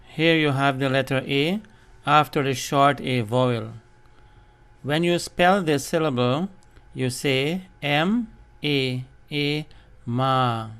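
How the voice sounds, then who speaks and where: Slow, clear-voiced male language teacher. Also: medium pitch, fairly bright tone. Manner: patient, deliberate spelling and drilling of syllables. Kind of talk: slow instructional lesson, spelling out letters.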